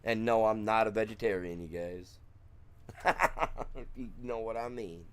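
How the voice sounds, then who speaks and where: Low-voiced man rambling on a stream. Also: brisk, clean tone. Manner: chatty, trails off and restarts, chuckles. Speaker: gaming streamer. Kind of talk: rambling casual chat while streaming. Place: room at home with blacked-out windows.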